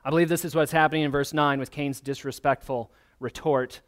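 A man's voice: a little high, fairly even intonation, fairly quick. A man, a pastor, preaching a sermon in an earnest, emphatic way, often asking the listeners questions.

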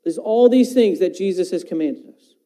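Male preacher, sermon delivery, high voice, scripture quotes, questions to the listeners. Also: moderate pace, dark tone, poor audio. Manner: talks about teaching his own children.

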